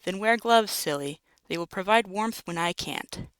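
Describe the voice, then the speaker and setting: Narrator doing a playful teasing lover, light, bright clear voice. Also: mid-range voice, lively intonation, normal speed, dry recording, lightly acted.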